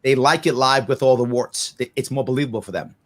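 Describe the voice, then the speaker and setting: A man in his forties, a guest on a podcast interview, talking off the cuff in an animated way, laughing often and acting out other people's voices. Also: mid-range voice, fast talker.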